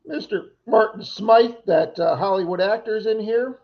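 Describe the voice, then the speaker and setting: A man's voice: high-pitched, normal speed, vocal fry. A man co-hosting a casual livestream chat, telling rambling stories and acting out other people's lines. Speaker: livestream co-host. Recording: dull lo-fi stream audio.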